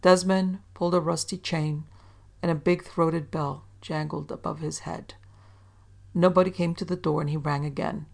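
A woman reading a story aloud in steady, measured narration. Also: low-pitched, gravelly.

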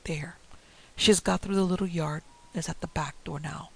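Gravelly, husky man narrating a ghost story. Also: on the high side, steady tone, moderate pace, rough recording. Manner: hushed, dropping often into whispers. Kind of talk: dramatic ghost story reading.

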